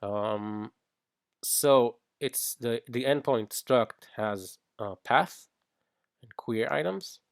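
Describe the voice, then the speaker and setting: Slow, gravelly man explaining code. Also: medium pitch, dry recording, clean studio sound. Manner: halting, thinking aloud with fillers and restarts. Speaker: iOS developer teaching. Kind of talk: screen-recorded coding tutorial.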